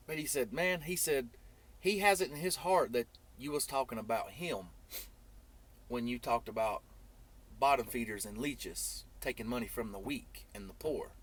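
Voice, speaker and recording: Trucker dude rambling thru a story on his vlog, gets animated quoting people. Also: mid-range voice. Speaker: trucking YouTuber.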